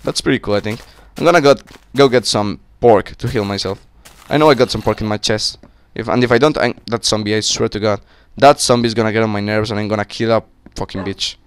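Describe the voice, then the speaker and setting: A man casually commentating his game, excitable and swearing, yelling at monsters, slightly sick with a cracking voice. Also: fairly low pitch, brisk, hardly any pauses, smooth, no room sound. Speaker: gaming channel host. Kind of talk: casual Minecraft let's-play commentary.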